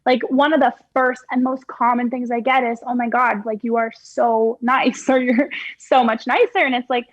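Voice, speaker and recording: A young woman guest on a casual podcast, blunt and swearing as she tells lively stories. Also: fairly high pitch, normal speed, few pauses, no room sound. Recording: dry, dull lo-fi sound.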